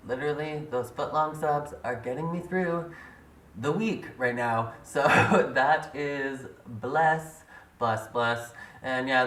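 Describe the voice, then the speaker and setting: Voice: mid-range voice, fairly bright tone. A young adult vlogger telling a story to camera in a chatty way, full of "like" and "literally". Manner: chatty, leans heavily on "like" and "literally". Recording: roomy sound from a distance.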